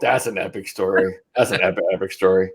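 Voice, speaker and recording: A man's voice: sits low, steady tone, quick pace, gravelly, husky. Man hosting a casual interview. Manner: brief, encouraging reactions and questions. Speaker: podcast host.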